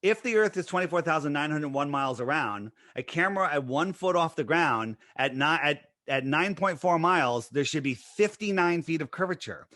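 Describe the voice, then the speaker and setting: A man as an interview guest, explaining his views in conversation and pressing his points with rapid-fire rhetorical questions. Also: on the high side, lively intonation, sharp tone, no room sound, clean studio sound.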